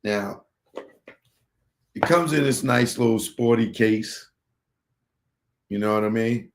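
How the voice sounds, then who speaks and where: A comedian hosting a live stream talks at an unhurried, laid-back pace. He rambles casually while fiddling with a gadget. The room around him is roomy and echoey. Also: mid-range voice. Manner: casual, rambling, unpacks and tries out gadgets on camera. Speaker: comedian host. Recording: roomy echo.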